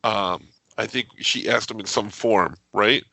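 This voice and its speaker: A man's voice: fairly low pitch, unhurried, gravelly, pushed and bright, dry recording. A man co-hosting a podcast, chatting playfully and hesitantly about a TV episode. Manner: playful, hesitant, laughs off his own slips. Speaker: podcast co-host. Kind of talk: casual chat reviewing a TV episode.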